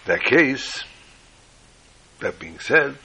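A man's voice: medium pitch, very animated, drawn-out words, sharp tone, slightly rough, rough recording. A man teaching a sermon-style class on the Haggadah, telling a joke and peppering his talk with Hebrew and Yiddish terms. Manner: storytelling, uses Hebrew and Yiddish terms, restarts often.

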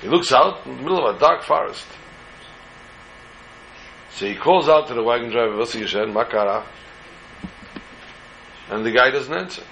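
A man's voice: medium pitch, animated, a little fast, creaky, pauses often, fairly bright tone, slight background noise, low-quality recording. Man telling a religious tale casually. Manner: informal, digressive, joking asides. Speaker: storyteller.

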